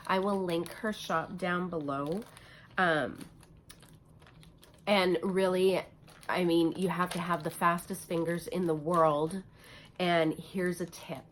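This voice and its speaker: A woman's voice: fairly low pitch, a little hiss or hum. A woman craft vlogger chatting casually at home, gushing and chatty with lots of fillers. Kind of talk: casual show-and-tell chat.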